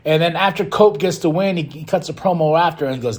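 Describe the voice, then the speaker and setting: A man hosting a podcast, giving a casual, excitable and rambling recap of a wrestling show, often breaking into laughs. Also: a little high, brisk. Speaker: podcast host.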